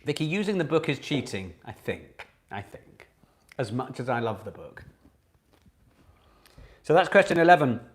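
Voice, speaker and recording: Man, quiz host, chatty, animated pitch, reads questions slowly twice. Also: slight background noise. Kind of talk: live online pub quiz hosting.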